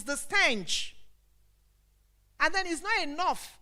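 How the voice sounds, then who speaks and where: Lady, pretty high voice, talking office manners at a career event, candid and a bit funny. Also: expressive, moderate pace, pushed and bright. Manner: conversational, frank and humorous. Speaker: career seminar speaker. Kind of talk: workplace etiquette talk.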